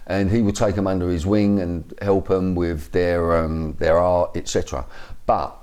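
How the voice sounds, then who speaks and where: A Cockney man in his fifties shares his personal history as an interview guest, rambling with frequent fillers and restarts. He speaks at a moderate pace in a low, slightly mellow voice with little movement in pitch.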